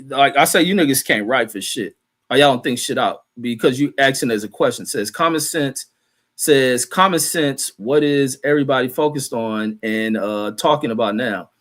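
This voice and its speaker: A man's voice: a little high, a bit bright. A man hosting a stream, reading viewer comments aloud and ranting bluntly in casual, heated commentary. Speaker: livestream host reading chat.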